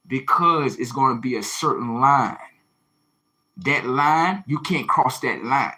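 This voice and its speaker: A man's voice: a little high, sharp tone. A man hosting a livestream, delivering a confrontational, preachy monologue full of rhetorical questions, slang and swearing. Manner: slangy, swearing, repeats phrases for emphasis. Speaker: livestream host.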